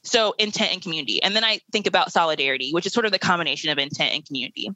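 A young woman in her late twenties, speaking as a guest in a podcast interview. She talks in a blunt, emphatic way and laughs now and then. Her voice is bright and forceful, with a dry, close sound. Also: on the low side, racing, no room sound, poor audio. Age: 20s. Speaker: guest, educator.

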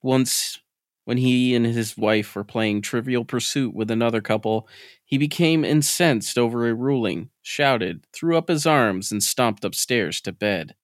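A man's voice: medium pitch, measured pace, no echo. Dry, close male storyteller. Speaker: podcast narrator. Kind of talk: scripted story narration.

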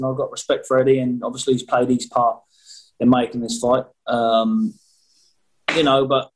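A man chats over a video call with a cheeky, rambling manner. He jokes his way through answers in a middle-pitched voice, casual and full of fillers. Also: rough recording. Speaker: boxer interviewee. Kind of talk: casual remote interview.

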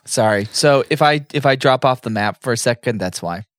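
A man's voice: medium pitch, a little fast, no room sound. A man co-hosting a podcast, chatting casually and asking earnest follow-up questions. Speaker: podcast co-host. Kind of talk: casual chat.

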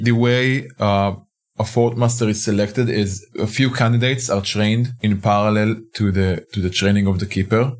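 With a lowish voice, a man relates a first-person fictional narrative on a podcast. The tone is chatty yet tentative, marked by repeated restarts.

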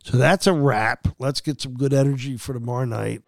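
Gravelly sports podcast host. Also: male voice, medium pitch, a little fast, over music. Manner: rambling, with frequent fillers and restarts. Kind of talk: casual sports talk monologue.

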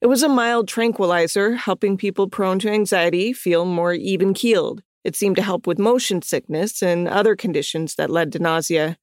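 A woman hosting a podcast, giving scripted history narration in an even, measured read with chatty asides. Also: medium pitch, dry recording, clean studio sound. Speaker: podcast host.

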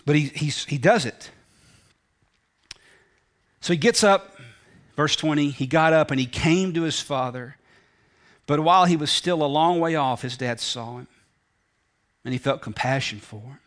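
A man preaching a sermon in a folksy way, acting out the story's voices and dropping from loud to near whispers. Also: on the high side, normal speed, pauses often. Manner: folksy, acts out the parable's voices, swings from loud to hushed. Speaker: pastor.

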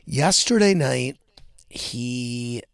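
A man hosting a podcast, chatting casually in a gravelly, creaky voice. His pitch swings widely as he tells animated family stories. The sound is close and dry. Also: extremely slow, no echo. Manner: animated storytelling, quoting his son in a higher voice. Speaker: podcast host. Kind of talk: casual chat.

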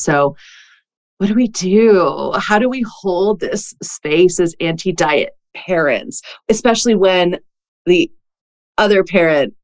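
A woman hosting a podcast interview, telling a story in a chatty way full of "like" fillers. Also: fairly low pitch. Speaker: podcast host. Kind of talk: casual conversational interview.

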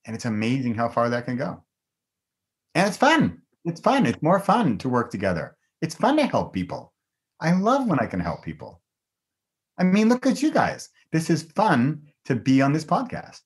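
A man's voice: a little high, huge pitch swings, moderate pace. A middle-aged man talking as a guest on a podcast in a casual, enthusiastic way, laughing often. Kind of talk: casual conversation.

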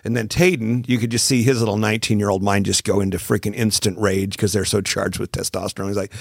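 A man in his forties hosts a podcast, talking casually and bringing his stories to life by performing the dialogue. He speaks quickly with few pauses in a low, gravelly voice, and the studio-quality recording has no room sound.

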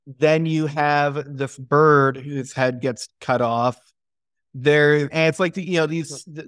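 A man on a podcast talks through a horror film's ideas in a thoughtful, explanatory way, with a few restarts. His voice sits a little high for a man. The sound is close and dry, with no room behind it. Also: a bit bright, smooth, no room sound. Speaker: podcast co-host. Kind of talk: casual movie discussion.

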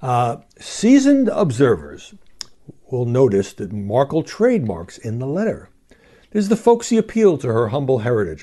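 A man talks through his solo podcast in a wry, animated way, dropping mocking asides. His pitch swings up and down a great deal, sitting in a middle range for a man. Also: normal speed. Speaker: podcast host.

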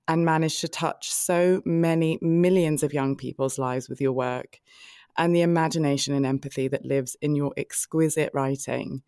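A low-pitched woman hosts a podcast, pouring out praise for her guest in an effusive, laugh-filled way. The sound is dry and close, with no room around her voice. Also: fairly even intonation, normal speed, warm tone, no room sound. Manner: effusive, laughing, tearful at times. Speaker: podcast host. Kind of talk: gushing interview introduction.

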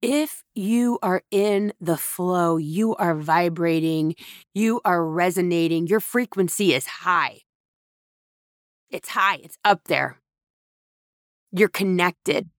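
Slow, emphatic woman podcast host. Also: on the low side, no echo, studio quality. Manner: slow, emphatic, repeats phrases for effect. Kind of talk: reflective spiritual monologue.

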